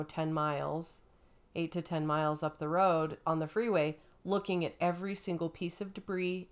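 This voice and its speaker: A woman telling a story in a casual chat, animated and acting out the quotes. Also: deep voice.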